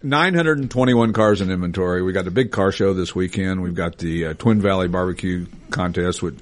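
Low-voiced joking car dealer, rambling. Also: male voice, fairly quick. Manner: joking, rambling, self-correcting. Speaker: podcast host, classic car dealer. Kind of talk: casual chat.

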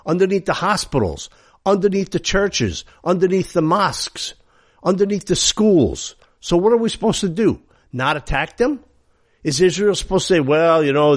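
Brief: male talk radio host, sarcastic and heated, very lively pitch, dry studio sound. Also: no room sound. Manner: heated, sarcastic, rhetorical questions. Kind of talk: opinionated talk radio monologue.

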